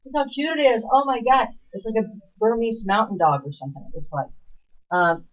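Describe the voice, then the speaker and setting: A woman's voice: a little high, big pitch swings, quick pace. A woman co-hosting a local TV talk show, chatting in a rambling, talkative way and laughing often. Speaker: TV show co-host. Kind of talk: casual chat. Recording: dull lo-fi livestream audio.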